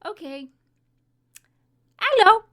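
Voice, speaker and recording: Squeaky wannabe-british extras, voice jumps all over, way too high. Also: male voice, big pitch swings, very slow, sharp tone, full character voice. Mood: hammy. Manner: squeaky falsetto, clumsy fake British accent. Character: hammy amateur auditioners faking British accents, shrill falsetto. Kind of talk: comedy sketch.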